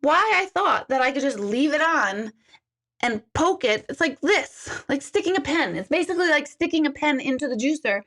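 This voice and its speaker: This intuitive's high, animated voice has a fairly bright tone and a normal speed. She chats with live-stream viewers, sharing stories, laughing frequently and reading out what they comment.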